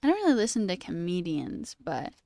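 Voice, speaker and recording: A chatty young woman streamer in relaxed conversation, laughing easily and often saying "okay" and "all right". Her voice sits a little low, and the sound is dry and close. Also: brisk, gravelly, no room sound. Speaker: livestream host. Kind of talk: casual stream chat.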